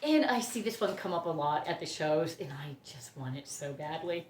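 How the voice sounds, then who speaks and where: A woman's voice: deep voice, expressive, moderate pace, roomy sound, a little hiss or hum. A woman from Ohio, chatting casually as she unboxes plants, gushing, laughing often and gasping with delight. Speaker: orchid grower and vlogger.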